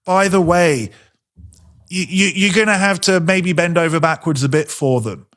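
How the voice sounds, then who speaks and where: A man teaching a sermon in a conversational way, asking rhetorical questions and slowing down to stress his points. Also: high voice, fairly bright tone.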